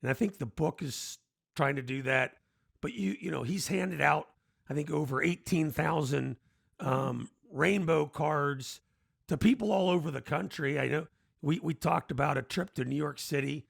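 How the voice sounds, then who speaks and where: A male podcast host whose voice is thick with gravel and fry. He asks long, halting questions full of restarts, and he is recorded dry and close. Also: a little high, dry recording. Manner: hesitant, halting phrasing with restarts. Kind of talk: interview questions.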